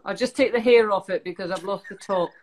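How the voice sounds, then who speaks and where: A woman's voice: mid-range voice, quick pace, rough recording. A woman co-hosting a makeup vlog, trading dry, teasing jokes in casual banter. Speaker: co-host.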